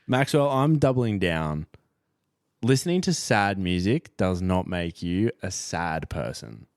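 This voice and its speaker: A man's voice: sits low, expressive, slow, dry recording, clean studio sound. A young man co-hosting a music podcast in casual, playful chat that often trails off. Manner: laid-back, playful, trails off. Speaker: podcast co-host.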